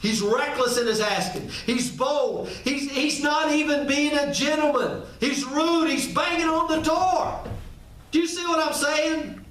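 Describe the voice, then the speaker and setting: A man's voice: very high-pitched, a little slow, fairly bright tone. A male pastor preaching a sermon, emphatic and often asking the congregation rhetorical questions. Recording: echoey room, mic at a distance.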